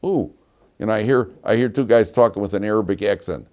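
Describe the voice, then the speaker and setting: Man, rabbi giving a lively yeshiva class; lowish voice, animated delivery. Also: a little fast. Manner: animated storyteller, laughs at his own stories. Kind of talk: lively classroom lecture with anecdotes.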